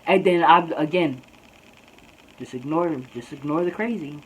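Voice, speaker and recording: A woman's voice: sits low, moderate pace, slight background noise, low-quality recording. A young woman vlogger telling a story in a casual, slangy way, often saying "bro.". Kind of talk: storytime vlog.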